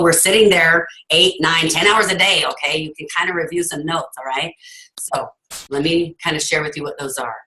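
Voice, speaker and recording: A woman's voice: deep voice, a bit bright, poor audio. A woman giving an earnest, emphatic motivational talk over a video call, telling her story to her team. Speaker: team leader hosting a call.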